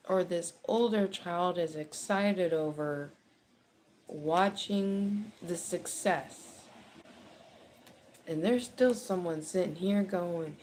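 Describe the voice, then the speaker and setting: A woman giving a casual tarot reading, chatty and animated, with frequent laughter and swearing. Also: on the low side, a little hiss or hum. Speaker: tarot reader. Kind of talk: casual spoken card reading.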